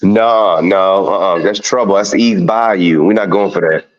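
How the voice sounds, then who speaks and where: Emphatic man, lowish voice, dull lo-fi sound, off mic. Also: measured pace. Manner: emphatic, flatly refusing.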